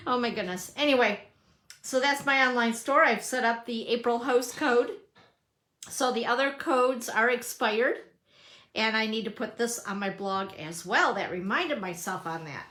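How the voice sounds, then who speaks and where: A middle-aged woman hosts a casual live papercrafting stream, demonstrating while chatting upbeat and greeting viewers by name. Her voice is a little high and a bit bright, at a measured pace. The room sounds echoey.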